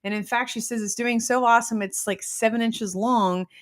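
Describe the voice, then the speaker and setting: A woman hosting a casual live stream, telling stories in an excitable, bubbly way and greeting viewers as she goes. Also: on the high side, normal speed. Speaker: host teaching nutrition testing.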